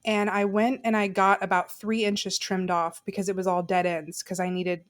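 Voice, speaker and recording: A woman's voice: medium pitch, level tone, normal speed. A woman guest on a podcast, candidly telling a personal story in casual, chatty talk full of "like". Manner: chatty and candid, sprinkled with "like" and laughter.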